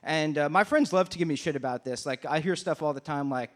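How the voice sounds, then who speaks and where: A man's voice: on the high side, brisk, few pauses. Brash young man doing stand-up. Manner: crude, brash punchlines. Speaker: stand-up comedian. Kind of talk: stand-up comedy set. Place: comedy club stage.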